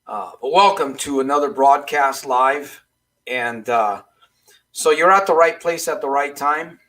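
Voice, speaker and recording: Guy doing a live coaching stream, mid-pitched, rambly, keeps asking the audience the same question twice. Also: measured pace, a bit bright. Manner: rambling, repeats questions to the audience, frequent restarts. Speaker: life coach hosting a live broadcast. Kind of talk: casual motivational livestream talk.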